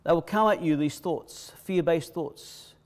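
Emphatic preacher man, higher voice. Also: measured pace. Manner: preaching with rising, emphatic repetition and sudden drops to a hush. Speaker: pastor. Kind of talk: sermon.

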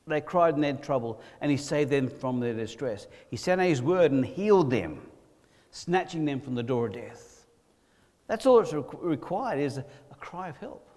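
A man's voice: lively intonation, moderate pace. Male preacher in a reverberant hall. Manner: swings between loud emphatic lines and low quiet ones. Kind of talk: sermon.

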